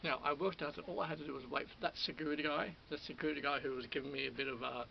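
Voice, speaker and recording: Worked-up man, slightly high gravelly voice, telling a rambling story with lots of repeats; dull lo-fi recording. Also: steady tone, racing. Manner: repetitive, restarts often, quotes others. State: worked up, still on adrenaline. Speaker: vlogger. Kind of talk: rambling personal story to camera. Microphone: camera or phone mic. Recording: lo-fi audio with faint hiss.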